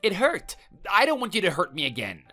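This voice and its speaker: Guy putting on a whiny cowardly ex-husband, high and pleading, voice jumps all over, faint music behind. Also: wildly swooping pitch, moderate pace, sharp tone, exaggerated voice. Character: cowardly bullying male ex-husband, grovelling. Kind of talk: text message story voice.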